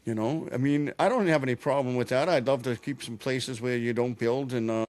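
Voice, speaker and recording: A man's voice: medium pitch, brisk, no echo. A man, co-hosting a podcast in casual chat, telling stories with plenty of swearing. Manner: profane storyteller, animated when telling anecdotes. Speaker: podcast co-host.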